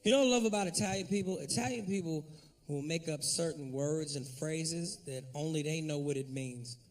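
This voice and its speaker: A man doing a profane, animated stand-up routine, talking straight to the crowd at a comedy club. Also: fairly high pitch, brisk, far from the mic.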